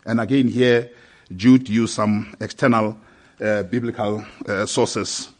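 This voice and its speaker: A man preaching a sermon, measured and hesitant at times, growing more forceful as he reads scripture aloud. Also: fairly low pitch, little pitch movement. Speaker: pastor.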